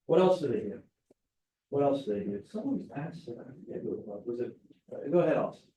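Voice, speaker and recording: In a very animated, medium-pitched voice at normal speed, a man lectures his class casually and keeps asking "right?". The classroom is roomy and noisy, and the mic sits far off.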